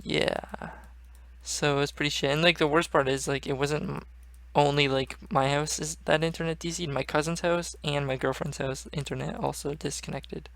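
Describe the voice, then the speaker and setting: Flat gravelly young man rambling. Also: on the high side, normal speed, no room sound. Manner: rambling, swears casually, trails off. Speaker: gaming channel host. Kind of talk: casual gaming vlog chat.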